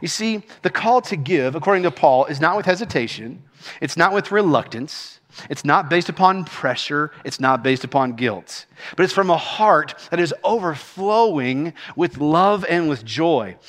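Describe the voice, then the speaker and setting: A middle-aged senior pastor preaches a sermon, animatedly telling stories and laughing along the way. His voice is a little high, at normal speed, with a long reverb tail.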